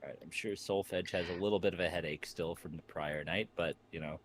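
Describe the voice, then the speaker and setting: A man's voice: low voice, steady tone, a little fast. A man playing in a tabletop game, laid-back and chuckling through what his character does. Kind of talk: tabletop role-play chat.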